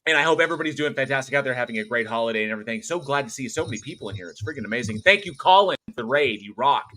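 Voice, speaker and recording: A man hosting a casual livestream, chatting and getting animated as he tells stories. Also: mid-range voice, very fast. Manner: excitable, animated when telling stories. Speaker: host.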